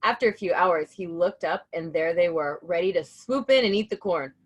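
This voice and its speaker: A woman hosting and reading a children's picture book aloud in an enthusiastic, animated way. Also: fairly low pitch, moderate pace. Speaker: storybook reader and host.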